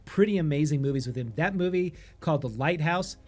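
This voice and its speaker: A man hosting a casual movie review chat, halting with many fillers and restarts. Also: a little high, expressive, darkish tone, faint music behind. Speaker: podcast host.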